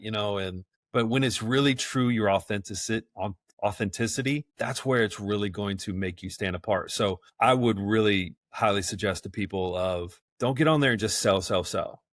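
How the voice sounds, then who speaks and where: A man with a somewhat low voice talks casually as a podcast guest. He is folksy and enthusiastic, laughing often and doubling up words as he goes. The recording is dry and close. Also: expressive, moderate pace, hardly any pauses, no room sound. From South Georgia, US. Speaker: guest, event rental business owner.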